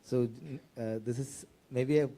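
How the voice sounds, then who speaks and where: Man, very dark mellow tone, hesitant, panelist telling an anecdote. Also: medium pitch, fairly even intonation, unhurried. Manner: hesitant, many fillers. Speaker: panelist, editor and author.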